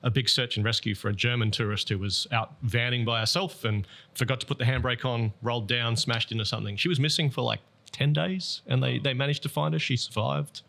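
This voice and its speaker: A middle-aged Australian man with an Australian accent, a podcast guest telling stories in relaxed, casual chat. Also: mid-range voice, fairly quick, vocal fry, hardly any pauses. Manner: storytelling, relaxed with restarts.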